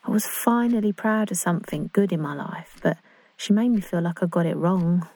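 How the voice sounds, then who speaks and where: A woman's voice: fairly low pitch, moderate pace, warm tone, dry recording, close to an everyday voice. A woman playing a gushing English girl in love. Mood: hurt. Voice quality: chatty, confiding, self-conscious. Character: earnest, awkward young woman in love. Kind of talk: dramatic monologue.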